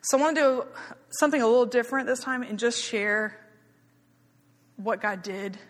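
A woman's voice: a little high, moderate pace. A woman giving a chatty, candid church report on her missionary work, teary in places. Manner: chatty and candid, laughing easily, softening when emotional. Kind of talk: informal church talk. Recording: long hall reverb.

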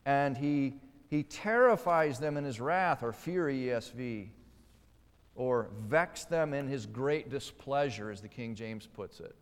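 A man's voice: mid-range voice, lively intonation, measured pace, clear, resonant tone. A man preaching a sermon, stressing key words and putting rhetorical questions to his listeners. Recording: long hall reverb.

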